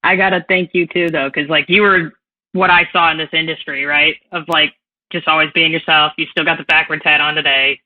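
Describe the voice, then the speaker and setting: A woman's voice: low voice, fairly even intonation, a little fast, phone-quality sound. A woman with a Boston accent, a former coach now in sales, talking frankly and casually as a podcast guest, peppering her speech with "like". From Massachusetts. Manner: frank, chatty, lots of "like".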